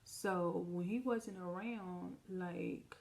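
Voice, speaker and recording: A woman's voice: on the low side, steady tone, extremely slow, vocal fry, a little mellow. A woman telling a personal story on a casual storytime vlog, chatty and speaking straight to her viewers, acting out the lines of the people in it. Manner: chatty, addresses viewers directly; vivid retelling with quoted dialogue. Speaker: storytime vlogger.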